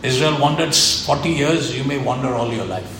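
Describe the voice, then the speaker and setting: A man's voice: medium pitch, moderate pace, a bit bright. A man preaching a sermon with earnest, emphatic repetition. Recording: echoey room with faint ambient noise.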